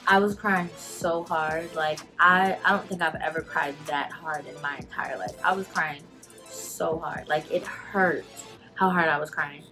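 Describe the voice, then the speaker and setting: A young woman telling a personal story to her channel in casual talk, animated and emotional, full of "like" fillers, holding back tears. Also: low voice, a little slow, faint music behind. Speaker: vlogger.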